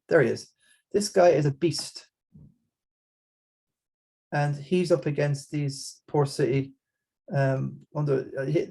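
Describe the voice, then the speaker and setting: A man's voice: medium pitch, gravelly, warm tone, husky. A man with an Irish accent hosting a casual fantasy football chat, rambling along with frequent restarts and repeated words. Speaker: podcast host.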